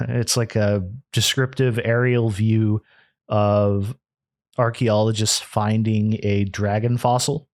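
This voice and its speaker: A man's voice: on the low side, little pitch movement, slow, dry recording, studio quality. A man co-hosting a podcast in casual chat, rambling and restarting often. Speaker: podcast co-host.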